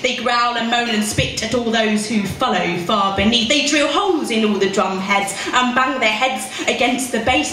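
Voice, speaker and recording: A woman's voice: on the high side, a bit bright, slight background noise. A young woman performing her spoken word poetry at a pub open mic, with rhythmic, emphatic delivery. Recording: echoey room recorded from far off.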